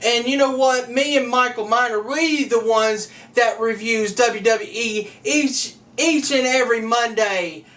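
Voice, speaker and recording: A man's voice: extremely high pitch, measured pace, hardly any pauses, fairly bright tone. A man hosting a fan wrestling show, delivering a taunting, ranting trash-talk promo that calls out rivals. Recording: distant from the mic.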